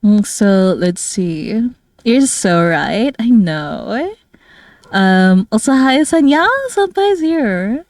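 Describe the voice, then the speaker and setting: A woman's voice: mid-range voice, lively intonation, drawn-out words, darkish tone, no echo, studio quality. Giggly young woman streamer chatting casually. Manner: bubbly, giggly, full of "like" and "oh my God". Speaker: streamer and artist. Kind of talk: casual chat while drawing.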